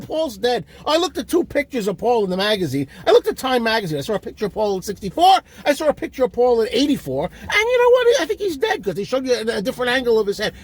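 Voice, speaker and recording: Husky, very high-voiced man on a comic rant, exasperated and insulting, pitch leaping all over. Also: a bit bright, no echo. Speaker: comic ranting host. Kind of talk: comedic rant.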